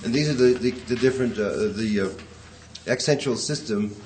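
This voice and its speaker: A man's voice: medium pitch, normal speed, darkish tone, slight background noise. A man lecturing a poetry class, rambling and hesitant, chanting rhythms aloud to show them. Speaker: poetry teacher.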